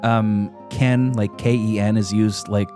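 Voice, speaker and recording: A man's voice: lowish voice, steady tone, takes it slowly, music in the background. A man hosting a podcast, enthusiastically recapping a video game in casual, profane chat, often laughing. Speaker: podcast host.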